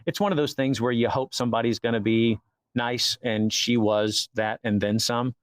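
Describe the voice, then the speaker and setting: A man with a mid-range voice, appearing as an actor guest in a casual interview, tells stories at a moderate pace. He's animated and acts out the quoted dialogue as he goes, and the recording has no echo.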